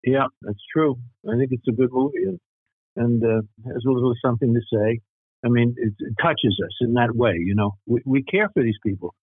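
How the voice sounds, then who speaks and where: Older male actor guest, halting casual talk, husky voice over a video call line. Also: mid-range voice, dry recording, phone-quality sound. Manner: halting, many restarts and fillers. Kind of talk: casual interview chat.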